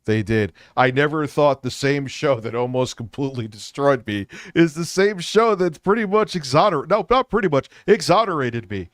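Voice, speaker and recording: A man's voice: medium pitch, lively intonation, moderate pace, hardly any pauses, no echo, studio quality. A man hosting a live stream, talking crudely and rambling with a lot of swearing. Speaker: livestream host. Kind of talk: casual live stream talk.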